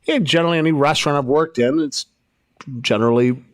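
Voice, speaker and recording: A man's voice: fairly high pitch, fast, no echo, studio quality. A man co-hosting a casual talk show, joking around and sliding into put-on voices. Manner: jokey, slips into put-on voices and accents. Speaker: co-host. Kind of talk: casual banter.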